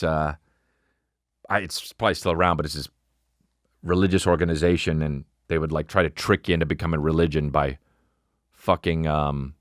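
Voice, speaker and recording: A man hosting his podcast as a comedian, ranting in an animated, profane way with sudden high mocking outbursts. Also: no room sound, studio quality. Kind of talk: comedic rant.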